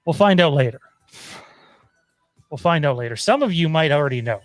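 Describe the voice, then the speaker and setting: A man's voice: fairly high pitch, expressive, fairly quick, no room sound, soft background music. A man hosting a casual live show over a video call, running down the lineup in upbeat, teasing patter. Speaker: host.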